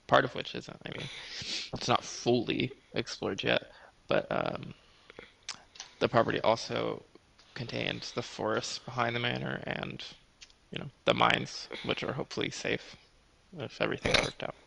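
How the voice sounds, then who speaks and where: A man running a tabletop game, with a strikingly gravelly voice that is also very bright and forceful. He speaks with lively pitch over faint background noise. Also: normal speed. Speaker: game master.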